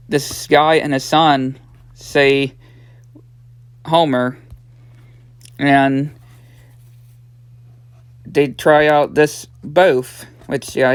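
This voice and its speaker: 19 yr old guy rambling thru an episode recap, lots of yeah and and, smooth voice. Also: mid-range voice, no room sound. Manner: rambling, full of "yeah" and "and" fillers. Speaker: episode reviewer.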